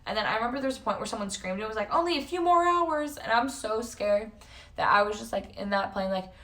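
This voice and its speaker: A woman's voice: medium pitch, steady tone, quick pace, fairly bright tone, recorded from a distance. A young woman chatting casually on a live stream from a hotel room. She rambles, swears freely and jumps between tangents. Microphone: facecam at a distance. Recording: echoey room, voice off-mic.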